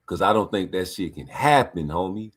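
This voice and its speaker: A deep-voiced boxing commentator talks at a moderate pace, breaking down a fight casually in blunt, profane street slang. He's animated, calling out the action on screen and talking back at the fighters.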